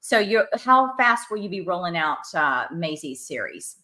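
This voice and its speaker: A woman's voice: on the low side, big pitch swings, moderate pace, pushed and bright, poor audio. A woman hosting a casual author interview, chatty and reading out viewer comments. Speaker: host. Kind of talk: casual chat.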